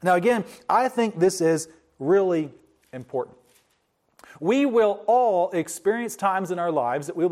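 A man preaching a sermon in an earnest, explanatory way, slowing down to stress key words. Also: high-pitched, darkish tone.

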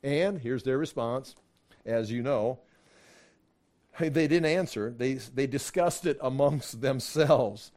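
A man teaching a casual Bible study, acting out the dialogue in his own voice and laughing as he gets animated. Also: medium pitch, slow pace.

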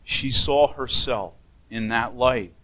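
A male pastor giving an earnest memorial sermon in a church sanctuary, speaking gently with frequent restarts. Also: medium pitch, slow, rough recording.

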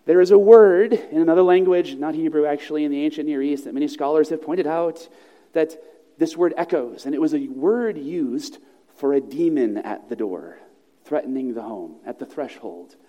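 A man with a high, mellow voice preaching a sermon in a church sanctuary. He speaks in a measured, earnest way and slows down to stress key phrases. The sound carries a long reverb from the large hall. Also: dull audio. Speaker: pastor.

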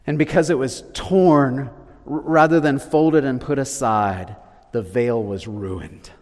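Man, preacher, sermon, dramatic loud-to-hushed swings, long hall reverb. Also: takes it slowly. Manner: dramatic swings between loud declarations and hushed low lines.

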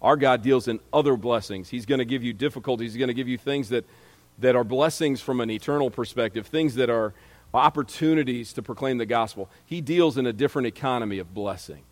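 A man's voice: medium pitch, fairly quick. Male preacher, mid-range voice, conversational sermon delivery, echoing hall sound. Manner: conversational preaching, reads scripture aloud, frequent restarts.

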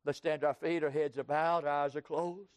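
A pastor from Texas with a Southern US accent, preaching an impassioned sermon that swings from loud cries to hushed tones. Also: male voice, a little high, steady tone, brisk, clean tone, no room sound, clean studio sound. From Texas, USA. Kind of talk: sermon with altar call.

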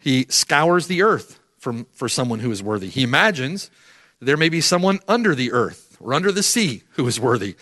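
A man's voice: mid-range voice, big pitch swings, moderate pace, a bit bright. A middle-aged man preaching a sermon emphatically, repeating phrases for weight. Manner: emphatic, repeats phrases, rises and falls sharply.

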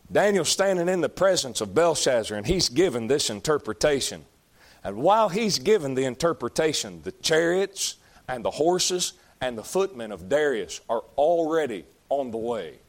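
Earnest middle-aged male pastor preaching. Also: mid-range voice. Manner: earnest, repeats phrases, prays aloud. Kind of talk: sermon.

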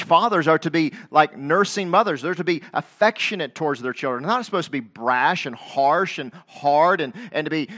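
Emphatic middle-aged male preacher, bright voice. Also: a little high. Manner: emphatic preaching, rises to loud King James quotations; repeats phrases, direct questions to the congregation. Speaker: pastor. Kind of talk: sermon.

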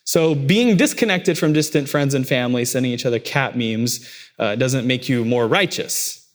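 A man preaching a sermon as pastor, his delivery swinging between quiet, heavy low stretches and raised, emphatic lines. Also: moderate pace.

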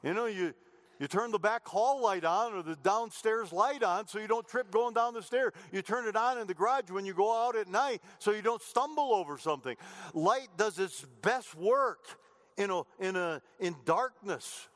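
A middle-aged man preaches from the pulpit of a church sanctuary, earnest and a little repetitive, often doubling back on his words. His voice sits slightly high for a man, and it carries a long reverb from the large hall. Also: lively intonation, normal speed, fairly bright tone. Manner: earnest preaching with repeated phrases and restarts. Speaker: pastor. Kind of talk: sermon.

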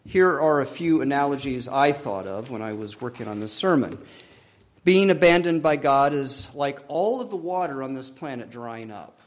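A man's voice: mid-range voice, lively intonation. Earnest man preaching a sermon. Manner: earnest, measured preaching with rising emphasis and soft trailing ends. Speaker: pastor.

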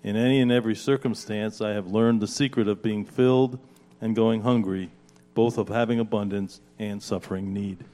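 Male scripture reader, measured delivery, low and mellow, long reverb tail. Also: steady tone. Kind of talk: scripture reading.

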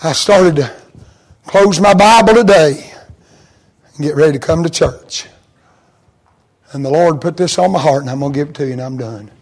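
A pastor preaching a sermon to his congregation, swinging from soft, intimate tones to high, chanted, fervent appeals. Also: normal speed, long pauses, rough recording.

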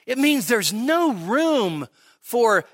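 This male pastor's voice is extremely high-pitched, very animated, and a bit bright as he delivers an expository sermon at a midweek service. Conversational yet emphatic, he keeps asking "okay?" and slows to underline important phrases.

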